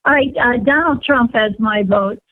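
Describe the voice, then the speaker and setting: A woman's voice: on the high side, moderate pace, no room sound. Female radio caller, blunt and opinionated, heard over a thin phone line. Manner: blunt, opinionated, many fillers. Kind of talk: phone-in call.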